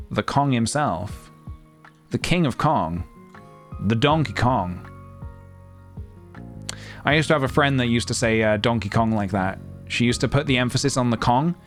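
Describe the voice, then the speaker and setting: A man in his thirties rambles cheerfully through a live stream, narrating his own work. His pitch sits in an ordinary middle register but leaps around with lively swings. Soft guitar music plays faintly in the background. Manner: playful, rambling, talking to himself while working. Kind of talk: casual live-stream chat.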